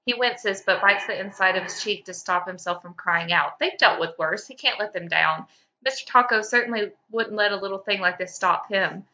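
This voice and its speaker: A woman podcast host reading fan fiction aloud with lively expression. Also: mid-range voice, moderate pace, dull audio. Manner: lively, breaks into laughter.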